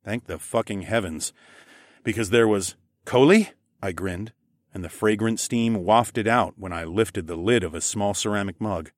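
A man narrating a fantasy audiobook in the first person, expressive and wry. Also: lowish voice, normal speed, dry recording, clean studio sound.

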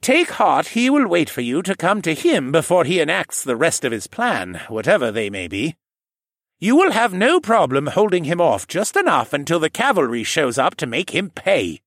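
A man voicing an earnest, kindly male koala man who gives calm advice. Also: a little high, normal speed, no echo, studio quality, pitched above the performer's own voice, full character voice. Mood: reassuring.

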